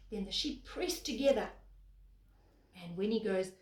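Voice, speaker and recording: A woman, a preschool teacher, telling a picture-book story to young children in a gentle, sing-song way, pausing to point at the pictures. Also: a little high, animated. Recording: echoey room, faint background noise.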